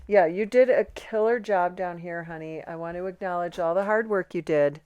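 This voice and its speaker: Smooth low-voiced woman podcast co-host. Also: moderate pace, no room sound. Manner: relaxed, playful banter. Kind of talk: casual chat. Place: home basement studio.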